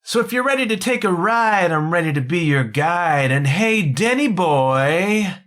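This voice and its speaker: A man's voice: sits high, lively intonation, measured pace, a bit bright. A middle-aged man hosting a solo podcast in a playful, self-mocking, theatrical way. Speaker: podcast host.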